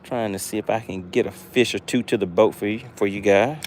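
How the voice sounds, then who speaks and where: A man hosting a live fishing stream, talking excitedly to his chat viewers. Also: on the low side, fairly quick, slight background noise. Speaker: fishing livestream host.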